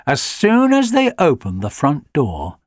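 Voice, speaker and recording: Guy reading a kids storybook, slow and really sing-songy, slightly high voice. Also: dry recording, clean studio sound. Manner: lively and expressive. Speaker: audiobook narrator. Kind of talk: expressive storybook narration.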